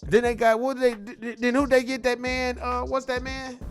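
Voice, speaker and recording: A man's voice: extremely high pitch, level tone, moderate pace, faint music behind. A man delivering a heated, slangy monologue full of repeated rhetorical questions. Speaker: political commentator. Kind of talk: casual ranting monologue.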